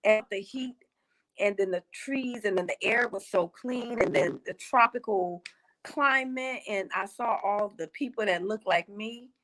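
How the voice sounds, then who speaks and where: Woman, interview guest on a video call, emotional, halting delivery. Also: mid-range voice, fairly bright tone, poor audio. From United States. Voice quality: emotional, halting with many restarts. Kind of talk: casual remote interview.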